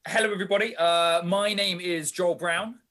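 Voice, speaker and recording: A young man, co-hosting a casual podcast chat with a friend in an animated, chatty way. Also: sits high, moderate pace, faint music behind. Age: young adult. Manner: animated, chatty British slang. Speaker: podcast co-host.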